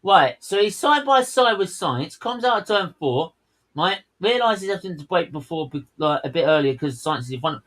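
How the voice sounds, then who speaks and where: A man's voice: on the high side, expressive, normal speed, fairly bright tone, rough recording. A man co-hosting a race watchalong, ranting heatedly and swearing at the drivers. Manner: heated, swearing, fuming outbursts. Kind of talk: live race commentary rant.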